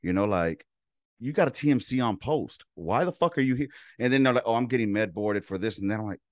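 A man's voice: fairly low pitch, lively intonation, quick pace, darkish tone, no echo, studio quality. A man from Los Angeles, a veteran hosting a casual chat, laid-back and profane while telling his stories. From Los Angeles, California. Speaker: podcast host, veteran.

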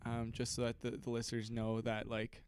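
A man's voice: medium pitch, completely flat delivery, normal speed, clear, resonant tone, no room sound. A man hosting a casual podcast chat, rambling and hesitant, often laughing at himself. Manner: rambling, hesitant, self-mocking. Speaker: podcast host.

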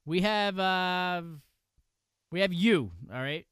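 A man's voice: high voice, slow, fairly bright tone, clean tone, no echo, clean studio sound. A man from upstate New York with a New York accent, hosting a casual wrestling podcast, joking and laughing often. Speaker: podcast host.

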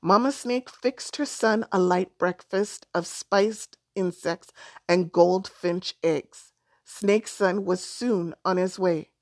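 Woman storyteller, gentle and unhurried, dry close sound. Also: lowish voice, dry recording. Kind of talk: storytelling narration.

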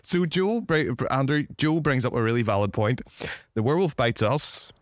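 A man's voice: mid-range voice, lively intonation, normal speed, dry recording, clean studio sound. A man hosting a podcast, chatting casually and teasing his guest. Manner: teasing, playful banter. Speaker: podcast host. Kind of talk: casual chat.

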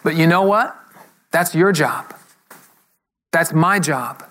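A man's voice: on the high side, animated, slow pace, bright, forceful tone. A man preaching a sermon, telling a story and acting out the quoted voices of the people in it. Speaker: pastor.

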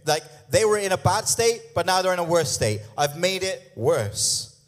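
A man's voice: high voice, sing-song, normal speed. A man preaching a sermon in a conversational way, with humorous asides and frequent "yeah?" and "okay?" check-ins. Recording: long hall reverb.

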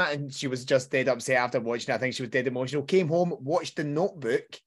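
A man co-hosting a podcast, telling quick personal anecdotes in casual chat. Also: medium pitch, lively intonation. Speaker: podcast co-host.

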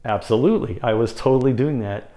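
A man's voice: fast, warm tone. A man teaching how to hold attention, talking conversationally and often repeating phrases for emphasis. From United States. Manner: demonstrates by abruptly shifting pace and pitch. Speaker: sales or speaking coach. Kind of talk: instructional talk to camera.

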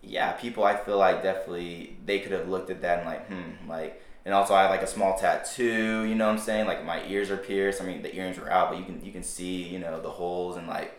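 A young man with a very deep voice talks loosely as a podcast guest, circling back with fillers and restarts. The sound carries a roomy echo. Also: brisk, hardly any pauses. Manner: relaxed, rambling, many fillers and restarts. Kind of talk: casual chat.

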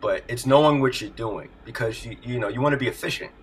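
A middle-aged man, a music producer, telling stories in an animated way and laughing often during a casual interview over a video call. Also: medium pitch, quick pace, slight background noise, rough recording. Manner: animated storyteller, laughs often, acts out voices.

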